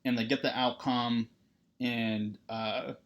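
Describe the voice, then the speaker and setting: A man who is a therapist, lecturing on counseling in a loose, conversational way, often checking in with "right?" and filling pauses with "uh". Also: mid-range voice, flat delivery. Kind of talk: recorded lecture.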